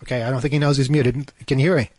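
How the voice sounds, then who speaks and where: A man's voice: mid-range voice, fairly even intonation, rapid-fire, darkish tone, dry recording. Man reading news with sarcastic asides. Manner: hesitant, many fillers and restarts. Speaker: co-host of a talk show. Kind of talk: casual news discussion over a call.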